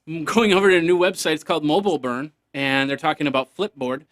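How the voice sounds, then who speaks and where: A man's voice: on the high side, steady tone, fast talker, fairly bright tone. A man hosting a casual solo tech news podcast, rambling and joking, now and then making beeping computer noises.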